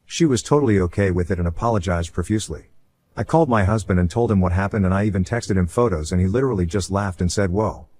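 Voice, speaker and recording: Low-voiced man reading a story aloud. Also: quick pace, a little mellow. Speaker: story narrator. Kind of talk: reading a first-person online story aloud.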